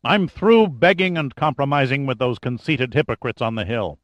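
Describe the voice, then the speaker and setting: A man's voice: medium pitch, moderate pace, dry recording, lightly acted. A man playing a defiant, commanding president. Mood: furious. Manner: blunt, forceful, sometimes shouting. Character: defiant, commanding male president, quick to fury.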